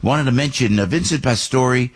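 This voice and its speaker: A middle-aged man, talking as a radio host in a rambling monologue full of fillers, restarts and excited asides. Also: medium pitch, moderate pace.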